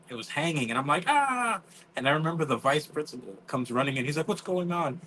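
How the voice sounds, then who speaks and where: A man's voice: mid-range voice, quick pace, bright, forceful tone, poor audio. A man, telling stories in casual chat, acting out quotes and swearing freely. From New York. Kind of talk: casual storytelling.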